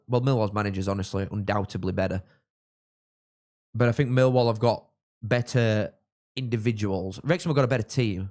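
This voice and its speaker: A young man from England, hosting a live football watchalong and chatting with viewers, reacting loudly to goals. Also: lowish voice. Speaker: livestream host.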